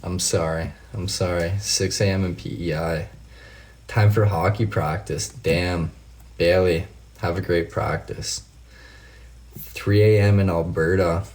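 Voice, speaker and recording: A man hosting a late-night livestream in a very low, deep voice. He chats loosely with viewers, laughs a lot and swears without a second thought. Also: steady tone, unhurried, a little mellow. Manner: chatty, laughing, swears freely, reads out viewer comments. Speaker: livestream host.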